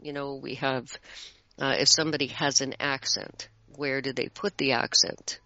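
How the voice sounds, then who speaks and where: A middle-aged guest chatting in a bright, forceful voice that carries plenty of spoken examples. The sound is dry and close, with a dull lo-fi quality. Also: mid-range voice, normal speed, no echo. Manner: animated, explains with spoken examples. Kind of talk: casual conversation. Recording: dull lo-fi audio.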